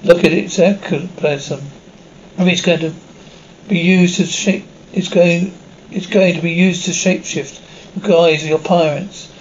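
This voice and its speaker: A man reading subtitles and sound cues aloud in an even, unhurried way. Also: a little high. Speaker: reader of captions. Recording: dull lo-fi recording with faint hiss.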